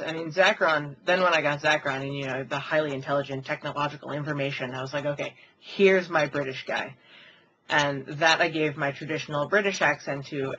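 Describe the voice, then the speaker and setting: A woman's voice: low voice, fairly bright tone, dull audio, slight background noise. A woman voice actress chatting casually about her characters, rambling with lots of fillers. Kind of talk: casual behind-the-scenes chat.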